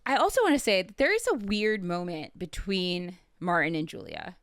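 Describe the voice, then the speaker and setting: A woman's voice: on the low side, very animated, moderate pace, no echo, studio quality. A woman co-hosting a podcast in casual chat, rambling and hedging with many filler "like"s. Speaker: podcast co-host. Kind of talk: casual chat recapping a show.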